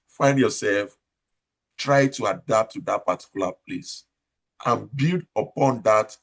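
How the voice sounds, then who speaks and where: A man with a Nigerian accent, an operating room nurse manager giving advice in an interview, talking loudly and emphatically, repeating his points and asking rhetorical questions. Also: lowish voice, husky.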